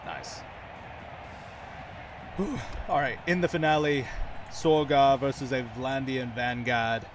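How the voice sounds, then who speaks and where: A man's voice: mid-range voice, takes it slowly, pauses often, a little hiss or hum. Swearing man narrating his gameplay. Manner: chatty, swears freely, laughs often, calls viewers lads. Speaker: gaming channel host. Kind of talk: casual gameplay commentary.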